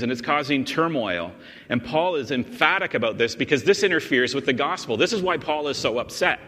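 A man's voice: a little high, animated, moderate pace, pushed and bright. Emphatic male pastor in a reverberant hall. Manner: emphatic, explanatory, often restarts and repeats words. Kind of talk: sermon. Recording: long reverb in a large hall.

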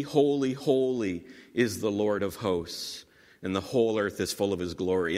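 A man's voice: on the high side, fairly bright tone. A man preaching a teaching sermon, explaining scripture with repeated emphasis and dry asides. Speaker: pastor. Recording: long hall reverb.

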